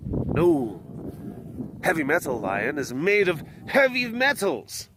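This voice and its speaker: A man's voice: wildly swooping pitch, slow, background noise. A man hosting a casual walking vlog outdoors at an animal compound, goofy and talkative, chatting with the viewers and the big cats. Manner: playful, goofy and talkative, coaxing animals in a high voice. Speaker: big cat sanctuary vlogger.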